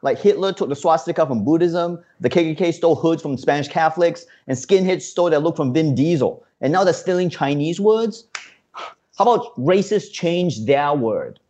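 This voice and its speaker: A man with a mellow, somewhat high, animated voice delivers scripted comedic banter as a news correspondent. At a normal speed, he rants with indignation and leans heavily on "uh."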